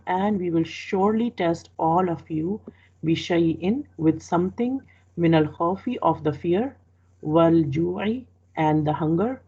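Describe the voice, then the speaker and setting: A woman teaching a verse-by-verse translation lesson, explaining slowly and repeating each phrase with small restarts. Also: sits low, creaky, warm tone, husky. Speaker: Quran teacher. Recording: dull lo-fi recording.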